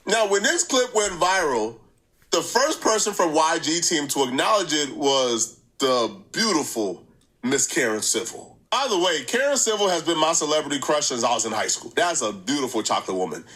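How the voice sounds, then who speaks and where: A man hosting a reaction channel, giving casual, animated commentary, laughing easily and repeating points for emphasis. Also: a little high, moderate pace, poor audio.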